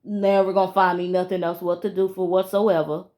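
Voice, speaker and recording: A woman's voice: lowish voice, little pitch movement, a little fast, dark tone. A woman, venting emphatically to a phone camera in a casual vlog and repeating herself. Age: 30s. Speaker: vlogger.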